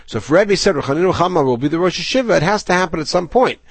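A man's voice: fairly high pitch, expressive, very fast, breathy edge, dry recording. A man teaching a Talmud class, reading Aramaic passages aloud and then explaining them in English with frequent restarts.

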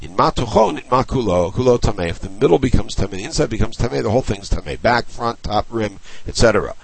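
A man's voice: fairly low pitch, animated, fast talker, vocal fry, low-quality recording. A man giving a Talmud lesson, reading short Aramaic phrases and explaining each one in English, often in a stop-start way. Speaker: Talmud teacher.

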